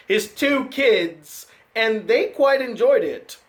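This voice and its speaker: A man hosting his own channel, giving a casual, sarcastic film review with animated ranting. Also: very high-pitched, takes it slowly, few pauses. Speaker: film critic and channel host.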